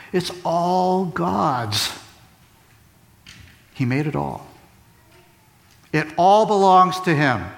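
A man's voice: fairly high pitch, creaky. A man preaching a sermon, asking rhetorical questions and repeating key phrases for emphasis. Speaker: pastor. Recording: long reverb of a large hall.

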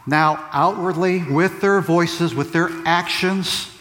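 Speaking slowly in a fairly high, slightly bright voice, this pastor preaches a sermon full of rhetorical questions and repeated key phrases. The recording carries the long echo of a large hall.

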